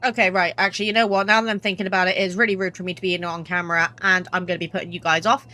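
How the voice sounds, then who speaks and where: A young woman doing chatty let's-play commentary, apologetic and quick to swear. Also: fairly low pitch, level tone, sharp tone. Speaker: gaming youtuber. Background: game music.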